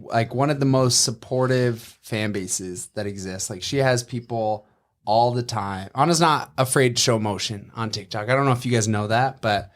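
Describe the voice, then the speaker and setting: A young man chatting on a podcast as a guest. He tells stories in a joking, teasing way, with an ordinary mid-pitched voice. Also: moderate pace. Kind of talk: casual podcast chat.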